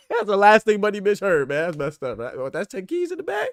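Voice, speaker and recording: A man's voice: high voice, wildly swooping pitch, moderate pace, no echo. A man hosting a casual boxing talk show, bantering in slang and laughing often. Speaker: host. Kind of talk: casual chat.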